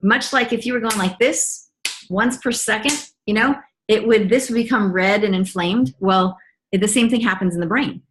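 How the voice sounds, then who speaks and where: A woman's voice: medium pitch, moderate pace, background noise. A middle-aged woman gives a personal testimony as a mother, talking in a chatty, earnest way with frequent ums and restarts. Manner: earnest and enthusiastic.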